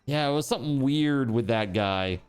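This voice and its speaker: Lively, rambling male game streamer. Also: medium pitch, moderate pace, smooth, faint music behind. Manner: rambling, joking, swearing, with lots of fillers. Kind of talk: casual stream chat.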